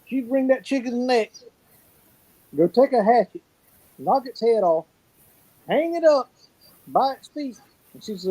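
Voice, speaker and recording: A man spins folksy, profane stories from his childhood. His voice sits high for a man, yet the tone stays dark and mellow. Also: expressive, a little slow, long pauses, lo-fi sound. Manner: colorful folksy storyteller, salty language. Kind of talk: casual storytelling chat.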